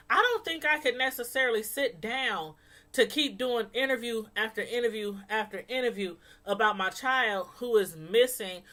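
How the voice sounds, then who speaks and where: Female host, call-in chat, slightly high voice, animated and emphatic, repeats herself. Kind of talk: casual call-in show chat.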